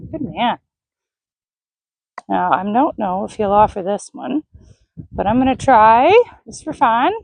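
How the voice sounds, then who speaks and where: A woman horse trainer talking through a training session, praising and coaxing the horse in a soft, encouraging voice. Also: a little high, dry recording, rough recording. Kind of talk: live commentary while training a horse.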